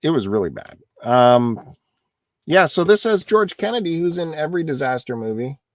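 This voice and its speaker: A man co-hosting a live stream show, talking through his finds in a relaxed, matter-of-fact way. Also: a little high, moderate pace, dry recording, clean studio sound. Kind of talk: casual chat.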